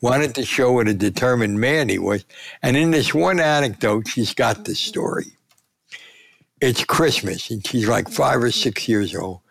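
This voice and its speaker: Older man, gravelly voice, sportswriter, animated storyteller, dry close sound. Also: medium pitch, a little slow, no room sound. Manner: lively anecdotal storyteller, acts out quotes. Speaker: sportswriter and columnist. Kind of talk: storytelling in a conversational interview.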